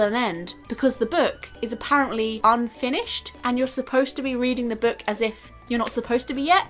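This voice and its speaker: A woman YouTuber reading a children's book aloud with commentary, animated and giggly, gasping at the pictures. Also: on the high side.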